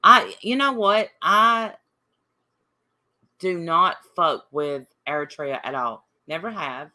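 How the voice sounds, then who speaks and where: A woman's voice: lowish voice, slow pace, sharp tone. Combative woman livestreamer. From Appalachia. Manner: combative, reading and answering chat comments. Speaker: livestream host. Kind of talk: casual livestream chat.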